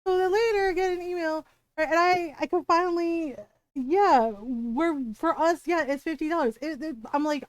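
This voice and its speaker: A woman's voice: extremely high pitch, normal speed, dry recording. A woman livestreamer telling a story in casual chat, full of "like" and "right?", swearing freely when exasperated. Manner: chatty, peppered with "like" and "right?".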